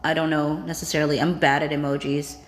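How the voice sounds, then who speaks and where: Woman, lower voice, livestream host, reads comments out loud, chatty reactions, roomy echo. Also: flat delivery, fast. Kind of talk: casual live-chat reading.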